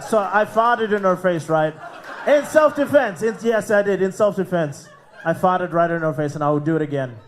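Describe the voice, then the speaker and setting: A man's voice: high-pitched, brisk, few pauses, some chatter behind. An Australian man hosting a live comedy night and doing crude stand-up, swearing and laughing at his own jokes. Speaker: comedy show host and comic. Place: live comedy club stage.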